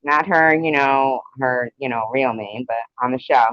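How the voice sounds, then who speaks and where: Keeping score and teasing contestants, a man chats his way through a casual trivia livestream from his home, where a cat is present. His mid-range voice is clear, resonant and fairly bright at normal speed, recorded dry through dull lo-fi stream audio.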